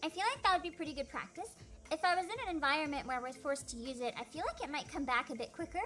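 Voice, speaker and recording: A woman's voice: high-pitched, racing, a bit bright, soft background music. A young woman streamer chatting casually through a Q&A, giggly and self-deprecating, with lots of fillers. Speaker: vtuber streamer. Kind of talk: casual Q&A chat.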